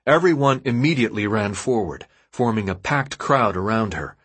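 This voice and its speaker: A man reading an audiobook as narrator, in steady, even storytelling. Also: fairly low pitch, moderate pace, husky. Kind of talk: scripted narration.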